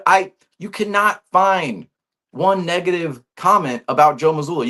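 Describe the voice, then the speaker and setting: Animated male sports podcast host. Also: fairly high pitch. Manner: animated, ranting, many restarts and rhetorical "right?". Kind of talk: casual sports opinion talk.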